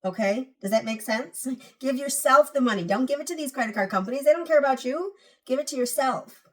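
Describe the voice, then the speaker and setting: A woman's voice: sits high, expressive, fairly quick, far from the mic. A woman hosting a personal finance channel, giving casual, emphatic advice straight to her viewers and repeating key points.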